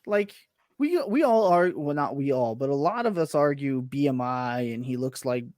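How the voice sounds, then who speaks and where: A man's voice: mid-range voice, normal speed, darkish tone, no room sound. A man co-hosting a casual sports podcast, rambling and correcting himself with enthusiasm. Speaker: podcast co-host.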